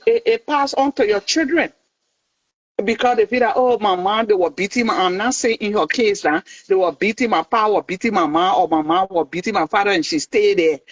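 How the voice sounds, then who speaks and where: A woman's voice: a little high, no room sound. A woman calling in to a talk show, talking in a passionate, opinionated way with many restarts. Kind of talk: casual chat. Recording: dull lo-fi dry sound.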